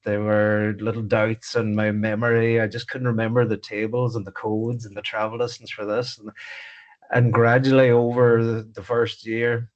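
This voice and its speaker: A man's voice: lowish voice, little pitch movement, moderate pace. A middle-aged Irish man, a podcast guest telling his own story frankly and reflectively. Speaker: podcast guest, fire engineer. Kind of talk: candid personal storytelling. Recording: slightly muffled podcast audio.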